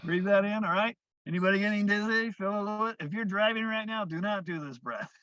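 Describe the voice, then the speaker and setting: A man teaching breathwork, guiding listeners through breaths in a slow, soothing way that often trails off softly. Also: high-pitched, no echo. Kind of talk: guided breathing instruction. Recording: dull, lo-fi dry sound.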